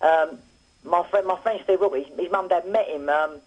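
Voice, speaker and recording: Husky-voiced ex-boxer on a muffled phone line. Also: male voice, sits high, a little fast. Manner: rambling anecdotal storytelling with restarts. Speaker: former boxer, phone-in guest. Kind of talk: casual phone interview.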